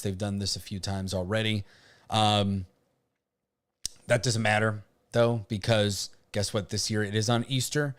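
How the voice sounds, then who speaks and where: Male podcast ranter from Puerto Rico, lower-pitched voice, combative and sarcastic delivery. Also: clean tone. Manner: blunt, combative, sarcastic asides. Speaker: podcast host. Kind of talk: opinion rant commentary.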